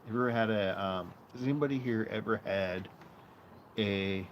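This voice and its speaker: A man's voice: lowish voice, normal speed, dull audio, slight background noise. A man hosting a live stream, rambling through bar stories in casual, profane chat. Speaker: streamer host. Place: outdoor patio.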